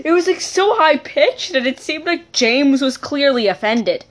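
A woman's voice: high voice, expressive, a little slow. A woman casually telling a funny personal story, giggling often and correcting herself as she rambles along. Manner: giggly, keeps breaking into laughter; rambling, self-correcting asides.

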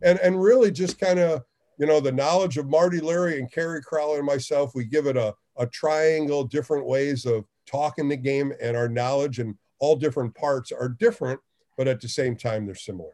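A middle-aged man with a warm, mellow voice, chatting in an easygoing interview. He tells stories animatedly, jumping higher when he acts out what people said. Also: brisk. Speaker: baseball radio host. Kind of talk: casual interview storytelling.

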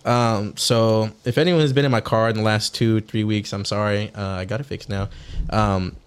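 A young man co-hosting a podcast, chatting casually and telling a rambling, animated story with lots of swearing. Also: fairly low pitch, moderate pace, clean tone. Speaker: podcast co-host. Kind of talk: casual chat.

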